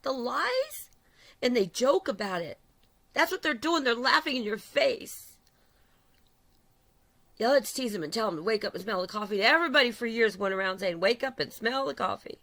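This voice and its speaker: A middle-aged woman delivers an urgent, repetitive sermon with a gravelly, creaky edge to her voice. Her pitch sits somewhat high for a woman, and she presses harder and harder as she goes. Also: very animated, normal speed, a bit bright. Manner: urgent, repetitive, rises in intensity. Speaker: preacher. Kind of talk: impassioned religious sermon.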